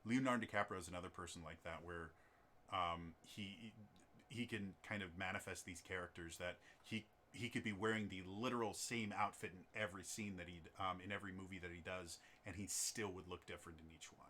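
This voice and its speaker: A man's voice: low-pitched, steady tone, fairly quick, pushed and bright, a little hiss or hum. A man in casual conversation who rambles, with many fillers and restarts. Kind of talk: casual chat.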